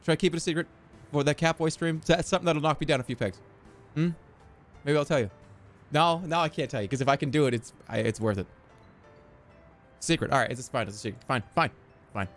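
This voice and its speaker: A man streaming a game, talking in an excitable, joking, profane way. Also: on the high side, fast talker, long pauses, soft background music. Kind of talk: casual gameplay commentary.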